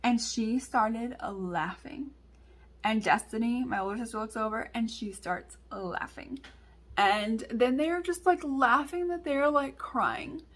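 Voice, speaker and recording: Chatty, bright-voiced woman vlogger. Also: on the high side, measured pace. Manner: chatty, filler-heavy with many "like"s. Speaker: beauty vlogger. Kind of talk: casual storytelling and makeup tutorial.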